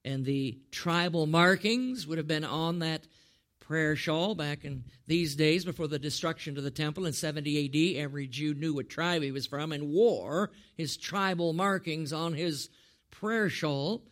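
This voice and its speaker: High-voiced animated preacher. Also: male voice, unhurried. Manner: animated, rhetorical questions, chuckles often, addresses listeners by name. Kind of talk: sermon.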